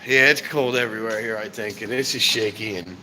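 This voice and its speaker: A man's voice: fairly low pitch, brisk, pushed and bright. Rambling man livestreaming from a phone. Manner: rambling, joking, keeps promising to wrap up. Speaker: livestream host. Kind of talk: casual live stream chat. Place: outdoors on a cold night, then inside an elevator. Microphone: handheld phone. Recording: roomy echo and clear background noise.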